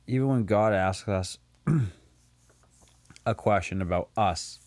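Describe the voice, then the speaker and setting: A man's voice: fairly low pitch, takes it slowly. A man co-hosting a podcast in casual chat, speaking reflectively and leaning on "you know.". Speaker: podcast co-host.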